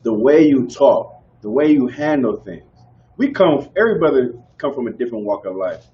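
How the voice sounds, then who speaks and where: A man teaching a group in casual preaching style, animated and conversational, often asking whether listeners follow. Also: mid-range voice, moderate pace, muffled recording. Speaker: street teacher.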